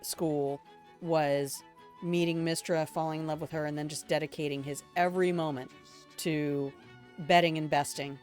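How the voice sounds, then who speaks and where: Older woman chatting over her gameplay. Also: low-pitched. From Alabama, United States. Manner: chatty, rambling storyteller talking to chat. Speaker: game streamer. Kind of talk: casual let's-play commentary.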